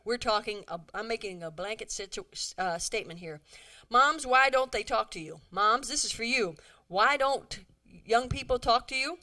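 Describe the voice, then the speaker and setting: Middle-aged woman speaker, lively church talk, brightish higher voice, acts out little scenes. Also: moderate pace. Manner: animated, acts out quoted dialogue, chatty asides. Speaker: women's conference speaker. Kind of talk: humorous talk to a church audience.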